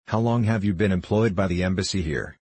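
A man's voice: low-pitched, a little fast, a little mellow, slightly rough, dry recording. A man voicing a sneering, cynical diplomat. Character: mocking, condescending middle-aged male diplomat.

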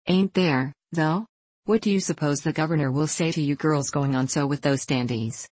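A woman's voice: low voice, normal speed, a little mellow, slightly rough, no room sound. A woman doing a smug teasing boy. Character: mischievous teasing boy, cocky and bossy.

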